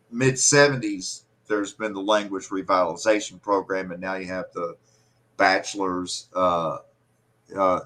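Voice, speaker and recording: A man in casual conversation, rambling and animated, who slips into playful regional accents. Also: low voice, low-quality recording.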